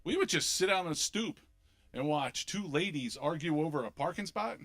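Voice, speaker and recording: Middle-aged philly guy doing standup, kinda high voice, punchy and animated. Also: normal speed. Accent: Philadelphia. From Philadelphia. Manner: animated, punchy delivery with sudden loud bursts. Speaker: stand-up comedian. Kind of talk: stand-up comedy set. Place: comedy club stage.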